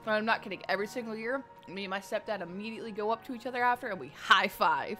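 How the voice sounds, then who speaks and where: A young adult woman streamer chatting casually, telling rambling, animated stories full of filler words. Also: medium pitch, rapid-fire, hardly any pauses, faint music behind. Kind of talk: casual storytelling chat.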